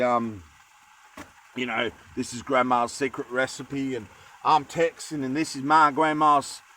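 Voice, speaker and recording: A man's voice: a little high, poor audio. A young Australian man chatting casually while cooking in a van, rambling with jokey asides. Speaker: cooking vlogger. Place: van kitchen.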